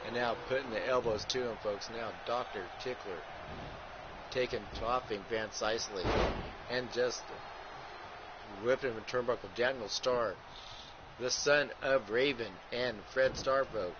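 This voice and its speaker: A man's voice: medium pitch, steady tone, measured pace. A man hosting a wrestling video game livestream, calling the action like a ringside announcer with crude rhyming jokes and constant "folks". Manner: ringside announcer patter, keeps saying folks. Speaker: host and wrestling commentator. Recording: muffled lo-fi with clear background hiss.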